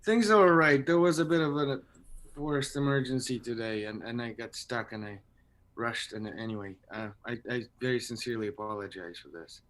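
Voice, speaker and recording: A man's voice: mid-range voice, moderate pace, a bit bright, a little hiss or hum. A middle-aged man from Belarus, an actor being interviewed, speaking thoughtfully with hesitant restarts over a video call. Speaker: voice and screen actor, guest. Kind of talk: casual interview conversation. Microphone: home microphone on a video call.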